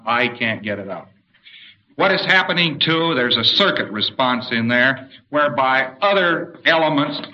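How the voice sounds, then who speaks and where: A man's voice: a little high, dull audio, a little hiss or hum. A man giving an explanatory spoken lecture and pointing to a diagram. He now and then acts out short spoken commands.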